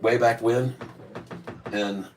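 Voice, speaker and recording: Slow, drawling jokey man. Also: medium pitch, steady tone, noisy background. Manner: drawling and jokey, chuckling between remarks; slow, drawn-out delivery when explaining trades. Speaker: stock trading livestream host. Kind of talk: casual livestream chat, reading viewer comments.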